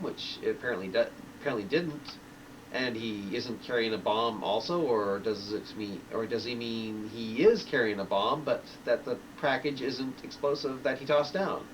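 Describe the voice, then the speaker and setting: A man's voice: medium pitch, moderate pace, distant mic, a little hiss or hum, close to an everyday voice, rough recording. A man voicing a rambling male late-night radio talk host who stammers and restarts his phrases, reading from a story. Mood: anxious musing.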